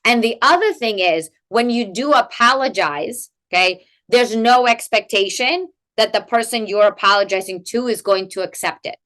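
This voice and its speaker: A woman guest expert explaining in a conversational interview, animated and peppered with "like" and "right?" tags. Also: a little high, normal speed, hardly any pauses. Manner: animated, rhetorical "right?" tags, many "like" fillers. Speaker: guest expert in family coaching.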